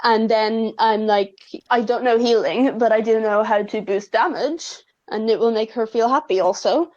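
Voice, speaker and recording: A woman's voice: a little high, normal speed, a little mellow, highs cut off. A woman playing a tabletop game, talking in a rambling, self-mocking way with many fillers. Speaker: player. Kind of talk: casual tabletop roleplay.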